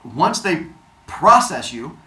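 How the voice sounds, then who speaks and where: A man telling a personal story in a casual way, acting out the other people's lines in an animated manner. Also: fairly high pitch, takes it slowly. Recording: roomy echo, faint noise.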